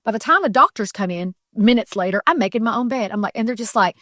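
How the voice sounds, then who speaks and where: A woman's voice: fairly high pitch, lively intonation, quick pace, a bit bright, no echo, studio quality. Middle-aged woman telling a heartfelt testimony. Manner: earnest, tumbling storytelling with restarts and fillers. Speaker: podcast guest. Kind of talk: personal faith testimony, casual storytelling.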